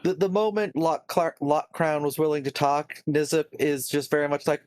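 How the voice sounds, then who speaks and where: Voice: medium pitch, steady tone, moderate pace, darkish tone, slight background noise. A player in a tabletop game, chatting in an easygoing way. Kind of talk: casual chat.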